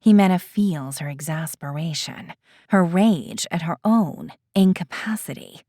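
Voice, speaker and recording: In a dry, studio-quality recording, a woman with a fairly low voice narrates an audiobook. Her delivery is measured and expressive, like a storyteller's.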